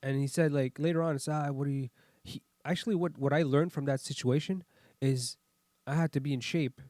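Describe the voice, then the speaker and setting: A man in his thirties, a podcast guest, telling stories in a profane, animated way in casual chat. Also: a little high, fairly quick, no echo, clean studio sound.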